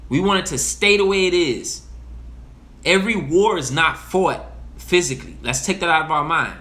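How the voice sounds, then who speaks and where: Bright, forceful man talking passionately. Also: on the high side, normal speed. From Haiti (heritage). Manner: passionate, profane, repeats himself. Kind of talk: casual monologue.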